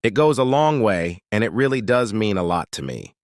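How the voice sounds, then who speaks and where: A man's voice: on the low side, sing-song, moderate pace, no echo, clean studio sound. A man hosting a political commentary channel, talking scornfully and sarcastically between clips.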